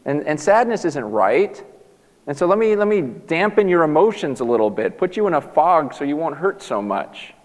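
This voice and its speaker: A man preaching a sermon as a pastor, emphatic and animated, often restarting his sentences. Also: a little high, moderate pace. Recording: long hall reverb.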